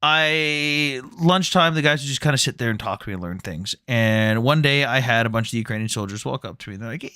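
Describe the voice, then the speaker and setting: A man's voice: medium pitch, brisk, few pauses, pushed and bright, clear, resonant tone, no echo, clean studio sound. A man hosting a casual livestream chat, telling stories animatedly and mimicking other people's voices. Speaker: livestream debate host.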